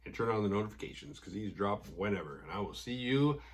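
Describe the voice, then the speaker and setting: A man hosting a podcast, casually recapping a horror episode with sarcastic, profane asides and quick mimicry of the characters. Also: on the low side, animated, husky.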